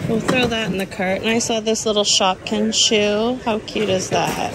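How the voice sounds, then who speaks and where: A woman chatting casually in a shopping vlog, excited and gasping as she browses a store, with music playing behind her. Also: a little high, takes it slowly, very noisy. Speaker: thrift reseller vlogger.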